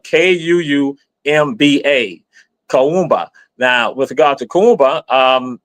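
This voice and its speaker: A man's voice: medium pitch, a bit bright, no room sound. A man giving an explanatory live stream talk in an emphatic, teacherly way, repeating himself and spelling words out letter by letter.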